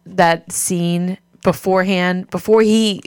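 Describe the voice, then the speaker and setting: A woman's voice: on the low side, steady tone, takes it slowly, smooth, dry recording, clean studio sound. Wry woman reading her movie notes. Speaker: podcast co-host. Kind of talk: casual movie-recap chat.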